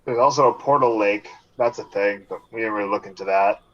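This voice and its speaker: Deadpan man on a dull, lo-fi mic. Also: on the low side, brisk. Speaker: player. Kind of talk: casual tabletop role-play. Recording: dull lo-fi mic, faint noise.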